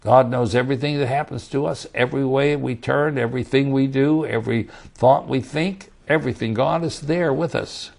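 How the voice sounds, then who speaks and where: A man preaching a sermon, emphatic and rising to loud scripture readings. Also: mid-range voice, normal speed, vocal fry, few pauses.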